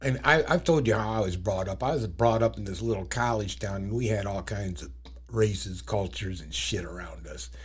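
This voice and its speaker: Man, 50s, husky, blunt profane talk-show co-host. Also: lowish voice, normal speed. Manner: blunt, profane, joking storyteller. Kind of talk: casual chat.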